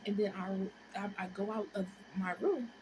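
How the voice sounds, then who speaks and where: A woman in her twenties tells a story on her vlog, animated and profane, dropping into whispers and rising into shrieks. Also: medium pitch, normal speed, noisy background. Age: 20s. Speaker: vlogger.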